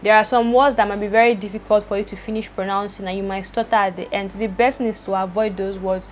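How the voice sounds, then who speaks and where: A young woman vlogger, talking fast to the camera, stuttering and repeating words as she goes. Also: medium pitch, fairly even intonation, slight background noise. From Nigeria. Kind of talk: personal talk to camera.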